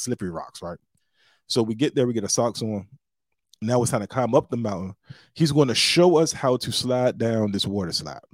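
A man hosting a podcast, telling a story in a casual, animated way and acting out what others said with big jumps in his voice. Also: no echo, studio quality. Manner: animated, acts out quotes with big pitch jumps. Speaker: podcast host.

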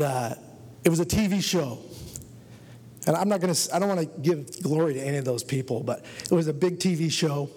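A man's voice: a little high, a little mellow, slightly rough. A man giving an earnest personal testimony to a church congregation, telling his story and urging the listeners. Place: church hall. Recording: long reverb of a church hall.

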